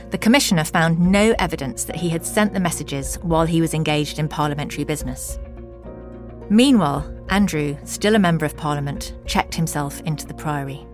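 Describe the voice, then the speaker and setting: A woman hosting and narrating an investigative podcast in a measured, deliberate scripted delivery. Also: sits low. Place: interview in a hotel room.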